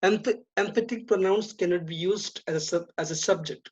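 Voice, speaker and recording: A woman teaching an English grammar lesson, speaking deliberately, repeating and stressing key terms. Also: medium pitch, a little mellow, breathy edge. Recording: dull lo-fi recording.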